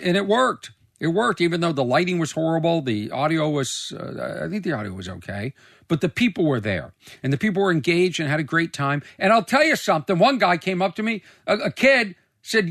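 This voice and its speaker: A man's voice: a little high, creaky, a bit bright, no room sound, studio quality. A man hosting his own podcast as a comedian, rambling loosely, swearing freely and mocking himself. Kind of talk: casual rambling monologue. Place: recording studio.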